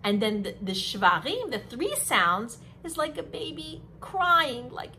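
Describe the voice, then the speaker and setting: Animated, bright-voiced woman teaching kids. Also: on the high side, very noisy. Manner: animated, sing-song, slow and drawn out for kids. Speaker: children's teacher. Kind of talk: children's lesson.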